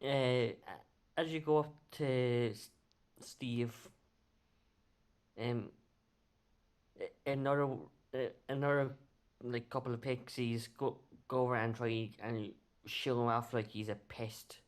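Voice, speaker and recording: A man narrating as game master of a tabletop role-playing game, halting as he describes the scene. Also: mid-range voice, steady tone, clean tone. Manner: halting, many fillers and restarts.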